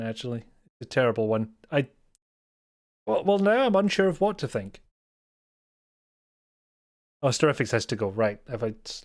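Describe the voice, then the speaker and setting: A Scottish man streaming from home, chatting loosely with his viewers into a desk mic. His talk rambles, he pokes fun at himself, and he chuckles along the way. His voice sits at an ordinary middle pitch. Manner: rambling, self-mocking, chuckles often. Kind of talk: casual live-stream chat.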